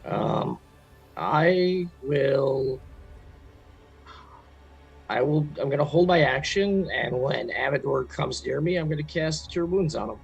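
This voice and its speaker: Gravelly, husky-voiced man player. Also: mid-range voice, expressive, takes it slowly, pauses often, muffled recording, soft background music. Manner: hesitant, thinking aloud. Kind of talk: casual chat at a game table.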